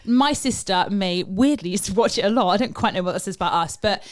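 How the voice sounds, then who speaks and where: A woman in her forties co-hosts a podcast, casually telling stories with lots of laughs and acted-out quotes. Her mid-range voice moves at a quick pace, recorded at studio quality with no room sound.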